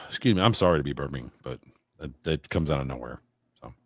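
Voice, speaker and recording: A man's voice: extremely low pitch, animated, normal speed, no echo. A man in a casual podcast chat, telling rambling stories with crude jokes. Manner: rambling, crude joking storyteller.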